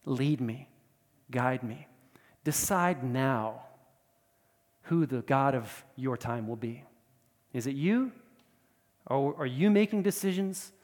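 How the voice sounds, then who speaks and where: A man preaching a sermon as pastor, in an animated, conversational way with asides and laughs. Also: medium pitch, takes it slowly, pauses often. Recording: long reverb of a large hall.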